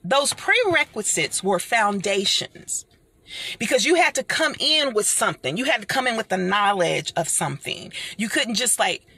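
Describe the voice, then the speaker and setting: A middle-aged woman giving an animated motivational talk, speaking like a preacher and calling her listeners honey and y'all. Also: mid-range voice, normal speed, breathy edge.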